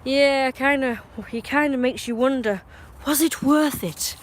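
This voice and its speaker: A fairly high, slightly slow voice belongs to a live streamer from England chatting in a rambling, opinionated way. He keeps restarting and wandering into asides, and there's slight background noise behind him.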